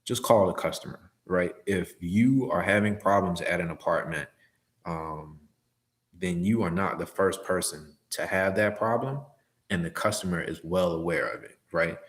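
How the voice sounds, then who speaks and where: A man with a low voice speaks at normal speed in a casual livestream chat. Laid-back and slangy, he answers viewers' questions as a delivery driver and acts out phone calls.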